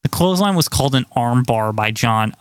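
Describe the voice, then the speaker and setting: A man's voice: medium pitch, expressive, a little fast, smooth, dry recording, studio quality. A man co-hosting a wrestling podcast, incredulous and joking, swearing and laughing often. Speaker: podcast co-host. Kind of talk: casual comedic chat.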